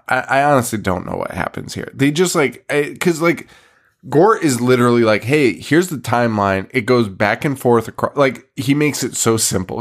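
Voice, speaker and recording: A man hosting a podcast, recapping a movie plot in casual chat, rambling, laughing often and swearing freely. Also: mid-range voice. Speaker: podcast host.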